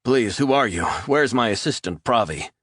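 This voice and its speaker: A man's voice: fairly low pitch, fairly quick, a bit bright, no room sound, studio quality, pitched above the performer's own voice, close to an everyday voice. A man voicing a frightened captive who pleads and dodges questions in an audiobook thriller. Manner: pleading, evasive. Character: frightened man held at gunpoint.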